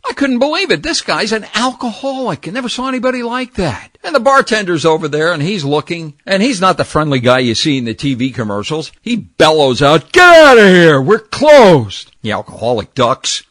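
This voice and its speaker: Older man, from new jersey, storyteller, pitch swings high and low, dry close mic. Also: no echo. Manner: lively, acts out the people in his stories.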